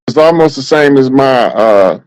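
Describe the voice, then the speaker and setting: A man speaks as a guest on a livestream, with a dry, close sound. He explains his ideas in a steady, lecturing way. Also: medium pitch, measured pace, dry recording, poor audio. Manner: instructive, lecturing on spiritual lore. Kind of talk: casual livestream chat.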